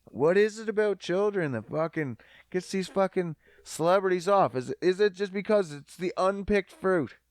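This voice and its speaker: Profane, animated man ranting solo. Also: high voice, normal speed, no echo. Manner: profane, rambling, self-mocking. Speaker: podcast host. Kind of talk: solo comedic podcast rant.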